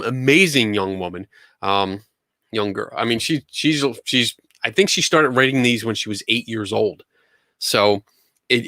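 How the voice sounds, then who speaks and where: Studio-quality sound with no room noise carries a man's medium-pitched, slightly bright voice as he runs a live Q&A stream. He talks casually and enthusiastically, often restarting what he's saying.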